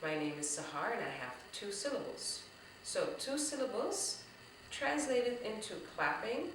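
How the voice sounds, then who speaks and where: A woman teaching a drumming lesson to young children, slow and encouraging, talking straight to the kids. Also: fairly high pitch, sing-song, very noisy. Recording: echoey room, voice from a distance.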